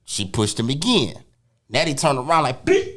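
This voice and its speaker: A man's voice: mid-range voice, moderate pace. A man telling a club story as a guest on a casual podcast, stammering and restarting as he goes. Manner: lively, stammering restarts, lots of backchannel agreement.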